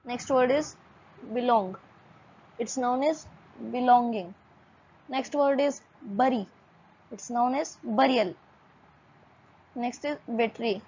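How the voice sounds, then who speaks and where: A woman teaching English vocabulary in a measured lesson, listing words one by one and spelling some out letter by letter. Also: on the high side, a little mellow, slightly rough, muffled recording.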